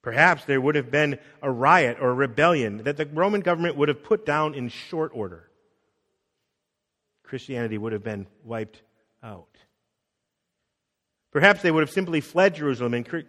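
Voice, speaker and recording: A middle-aged man, a pastor, preaching a conversational sermon, acting out quotes and dropping soft on key words. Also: mid-range voice, lively intonation, moderate pace, pauses often. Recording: long reverb of a hall.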